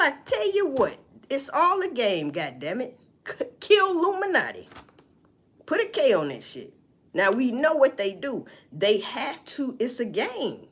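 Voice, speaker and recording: A woman riffs on a news report for her audience, swearing freely and asking and answering her own questions. Her pitch swings widely as she talks. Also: husky. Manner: profane, animated, talks back to herself. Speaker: vlogger reacting to news. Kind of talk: casual news commentary.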